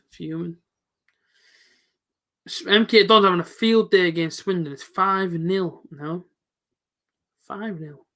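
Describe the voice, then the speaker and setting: A young man with a high, bright voice hosts a live football reaction stream. He chats casually with his viewers, answering them by name in loose, everyday slang. The talk is relaxed and unscripted. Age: late 20s. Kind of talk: casual live commentary reading chat.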